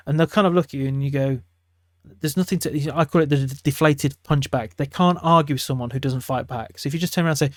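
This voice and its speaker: Middle-aged male teacher, rapid casual delivery, a little high for a man, acts out quotes. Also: no echo, clean studio sound. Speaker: teacher giving classroom advice. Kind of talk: casual teaching talk to camera.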